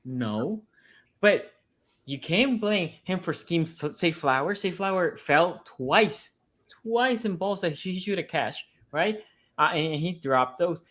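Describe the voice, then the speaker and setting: Emphatic man arguing football, voice pitched a bit high. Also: animated, slow, a bit bright. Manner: emphatic, repeats points for stress. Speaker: sports podcast panelist, team fan. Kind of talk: casual sports debate.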